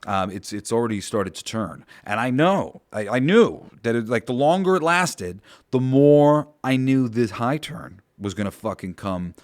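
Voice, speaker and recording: Guy hosting a podcast, rambly and sweary, lots of ums and you knows, middle pitch. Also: lively intonation, a little slow, few pauses. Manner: rambling, profane, with many fillers. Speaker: podcast host. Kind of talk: casual spoken monologue.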